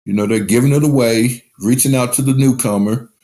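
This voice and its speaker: A man's voice: mid-range voice, fairly quick, mellow. A man talking as a guest on a recovery podcast, telling his story candidly and swearing freely. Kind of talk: casual recovery podcast talk.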